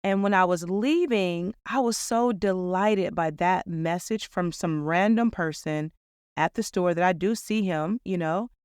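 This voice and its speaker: A woman's voice: fairly low pitch, measured pace, darkish tone, clean tone, dry recording, studio quality. A woman hosting a reflective podcast monologue, talking in an earnest, upbeat storytelling way. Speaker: podcast host.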